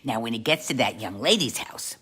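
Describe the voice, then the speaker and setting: Woman doing a low-voiced Italian-American aunt. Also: lively intonation, fairly quick, a bit bright, slightly rough, full character voice. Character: chatty Italian-American aunt, doting, fond of advice. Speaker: storyteller. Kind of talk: comic character storytelling.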